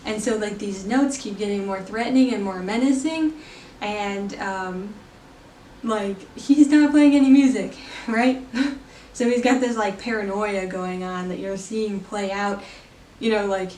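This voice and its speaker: A woman's voice: mid-range voice, measured pace, a little mellow, reverberant, distant mic, slight background noise. A woman giving a casual spoken film review, chatty and full of fillers, laughing now and then. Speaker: movie reviewer.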